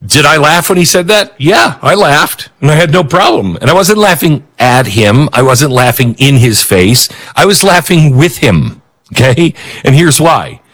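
A man hosting a political talk show, giving animated, sarcastic commentary with frequent chuckles. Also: fairly high pitch, unhurried. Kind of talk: opinionated commentary.

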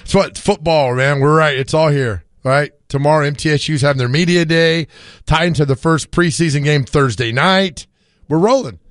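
A man's voice: on the high side, moderate pace, dry recording, clean studio sound. A man co-hosting a sports radio show, telling stories with frequent laughter, his voice worn from screaming. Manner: storytelling, laughs often. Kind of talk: casual sports radio chat.

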